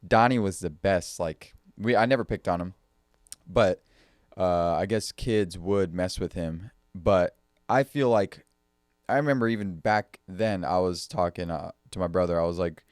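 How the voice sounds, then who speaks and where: A man's voice: low-pitched, a little slow, dry recording, clean studio sound. A man in casual chat as a podcast co-host, giving short, laid-back replies and telling his own childhood stories.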